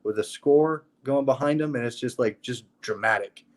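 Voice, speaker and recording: A man in relaxed casual chat who agrees readily and swears often. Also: medium pitch, moderate pace. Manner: laid-back, profane, agreeable.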